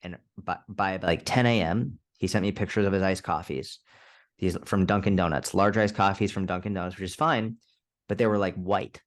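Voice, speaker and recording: A low-pitched man in his thirties speaking as a fitness coach on a podcast. He tells stories with animation and swears freely, loose and conversational throughout. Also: steady tone, normal speed.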